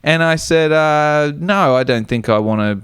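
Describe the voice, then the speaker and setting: A man's voice: on the high side, unhurried, fairly bright tone, clean tone, dry recording, clean studio sound. A man, co-hosting a comedy podcast, telling stories casually, swearing often and acting out other people's voices. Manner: swears a lot, acts out quoted voices. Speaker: podcast co-host.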